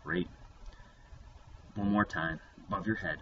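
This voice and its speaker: A man's voice: fairly low pitch, big pitch swings, normal speed, bright, forceful tone. Upbeat man teaching a phonics lesson. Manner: upbeat, playful, addresses children. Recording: distant mic, dull lo-fi sound, faint noise.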